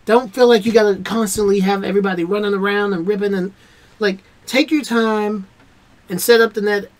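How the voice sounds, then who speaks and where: A man's voice: high-pitched, fairly even intonation, brisk. A man hosting a reaction video, giving a casual spoken review that rambles with hesitations, fillers and restarts.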